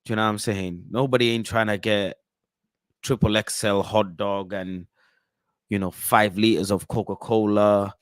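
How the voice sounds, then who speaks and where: A man from the UK hosting casual football chat, animated and slangy, often breaking into chants and impressions. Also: fairly low pitch, normal speed, clean tone, no room sound. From United Kingdom. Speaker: football channel host.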